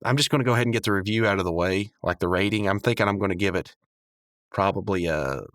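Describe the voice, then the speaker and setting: A man's voice: low-pitched, fast talker, fairly bright tone, dry recording, clean studio sound. A man hosting a podcast, recapping a cartoon episode in a loose, rambling way, full of fillers and little chuckles. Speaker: podcast host.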